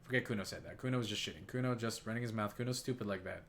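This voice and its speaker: A man's voice: fairly low pitch, very fast, fairly bright tone, a little hiss or hum. A man voicing a brash, foul-mouthed twelve-year-old boy in a video game who refers to himself in the third person. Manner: swaggering, crude, refers to himself by name.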